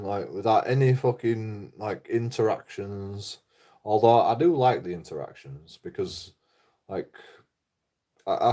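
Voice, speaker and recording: Low-voiced sweary man rambling. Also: warm tone. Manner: sweary, rambling, repeats himself, laughs at his own jokes. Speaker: livestreaming vlogger. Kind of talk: rambling casual livestream chat.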